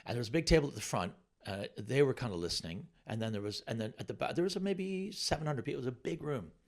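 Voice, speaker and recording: A middle-aged man, a comedian, telling an animated anecdote, halting and restarting as he goes. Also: mid-range voice. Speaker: comedian guest. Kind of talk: storytelling anecdote on a podcast.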